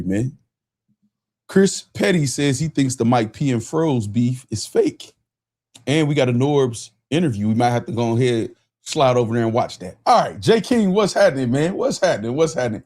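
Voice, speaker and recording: A man hosting a casual livestream, excitable and profane, shouting out chat and repeating himself. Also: a little high. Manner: profane, laughing. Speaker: livestream host.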